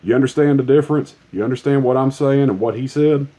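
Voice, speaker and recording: Angry profane man ranting, mellow voice. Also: mid-range voice, fast talker. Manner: profane, heated, emphatic. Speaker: commentator. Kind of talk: angry political rant.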